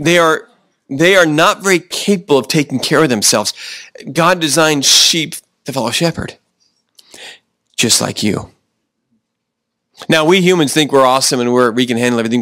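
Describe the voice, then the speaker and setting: A man's voice: mid-range voice, fairly bright tone, no echo. Preaching man, dry close sound. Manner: slows down for emphasis, restarts often, chuckles. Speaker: pastor. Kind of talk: sermon. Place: church.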